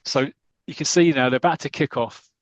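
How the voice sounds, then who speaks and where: A man's voice: on the high side, brisk, dry recording, poor audio. A man, a podcast co-host, chattily retelling a comic story in a rambling, casual way.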